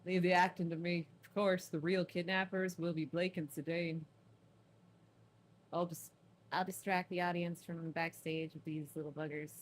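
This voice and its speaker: A woman reading a game's dialogue aloud, playing a gruff male thief leader with a put-on Southern American accent and a lowered, hammy voice. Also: flat delivery, normal speed, a little hiss or hum, close to an everyday voice. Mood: bossy. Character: gruff middle-aged male leader of a thieves' band.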